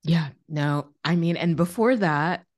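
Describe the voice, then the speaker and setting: A woman co-hosting a podcast in casual chat, blunt and quick to react, swearing freely. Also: deep voice, a little mellow, no room sound, clean studio sound. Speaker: podcast co-host.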